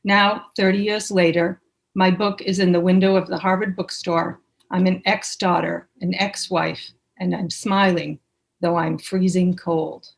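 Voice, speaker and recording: A woman poet from Boston with a Boston accent, giving a measured, unhurried poetry reading with small asides, over a video call from home. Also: lowish voice, little pitch movement, gravelly.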